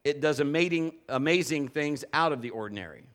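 Animated high-voiced male preacher. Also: a little fast. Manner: animated storytelling with acted-out quotes. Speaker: pastor. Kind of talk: sermon.

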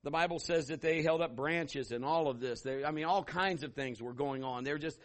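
A middle-aged man preaching a sermon as pastor, telling stories and acting out voices with sudden loud bursts. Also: on the high side, normal speed.

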